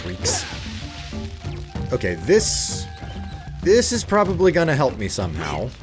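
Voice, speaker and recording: A man's voice: medium pitch, wildly swooping pitch, moderate pace. A man casually commenting on his gameplay in a rambling, hesitant, wry way. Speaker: let's play host. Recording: game music in background.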